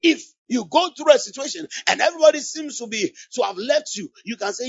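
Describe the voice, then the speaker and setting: Male preacher, high lively voice, husky and gravelly, call-and-response sermon, dull lo-fi recording. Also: a little fast, no echo. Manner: fervent call-and-response, repeating phrases. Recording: dull lo-fi sound.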